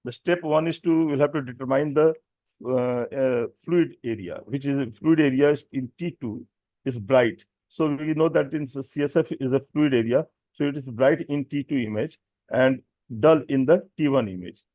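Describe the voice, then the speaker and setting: A man's voice: medium pitch, normal speed, warm tone, no room sound. A man with an Indian English accent, a doctor giving a technical lecture with many fillers and self-corrections. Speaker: doctor presenting at a medical symposium.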